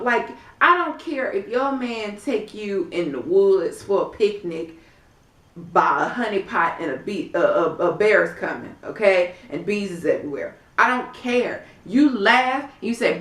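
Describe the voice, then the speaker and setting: A woman's voice: medium pitch, lively intonation, a little slow, fairly bright tone. A woman recapping a reality show in a sassy, blunt, profane way, acting out what the cast members said. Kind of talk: casual recap vlog. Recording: echoey room, far from mic.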